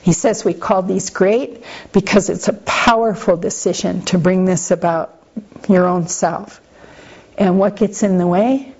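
A woman gives a relaxed Buddhist dharma talk in a mellow, warm voice. Her delivery is conversational and lightly humorous, with frequent asides to her listeners. The recording sounds slightly muffled and lo-fi. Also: lowish voice, a little slow. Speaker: Buddhist teacher.

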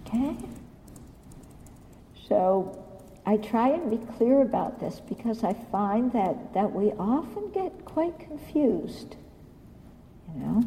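Slow, blunt woman teaching in a hall. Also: fairly high pitch, very animated, dark tone, a little hiss or hum. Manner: blunt, questioning, acts out quotes. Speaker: Buddhist teacher. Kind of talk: dharma talk.

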